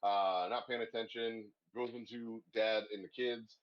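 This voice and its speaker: A man's voice: lowish voice, steady tone, unhurried. A man talks through a horror movie with his co-hosts in a loose, rambling way, swearing freely and breaking into laughter. The recording sounds dull and lo-fi. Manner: profane, rambling, laughs a lot. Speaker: podcast host. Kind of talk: casual movie discussion.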